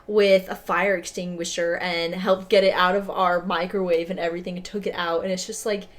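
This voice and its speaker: A woman's voice: lowish voice, flat delivery, fairly quick. A young woman co-hosting a podcast, chatting casually and giggling as she talks. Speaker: podcast co-host. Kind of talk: casual chat.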